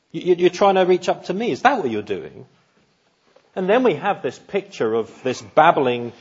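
A man preaching a sermon, animated and acting out quoted voices, at times dropping to hushed tones. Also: mid-range voice, breathy edge, muffled recording.

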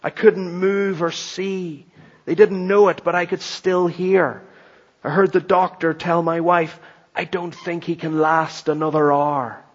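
A preacher doing a frail old barber, hushed and trembling. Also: male voice, a little high, flat delivery, a little slow. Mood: weak, hushed. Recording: dull lo-fi recording.

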